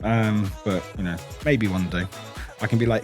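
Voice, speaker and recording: A man's voice: fairly low pitch, steady tone, moderate pace, a little mellow, faint music behind. A young British man casually chatting with his live-stream viewers, greeting them by name and laughing often.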